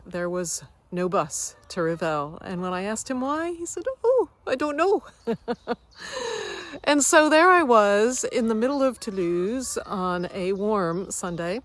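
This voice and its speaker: A woman coach sharing a personal story in a reflective way, growing lively as she relives moments. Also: mid-range voice, a little slow, hardly any pauses. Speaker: wellness coach. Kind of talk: personal story told to camera.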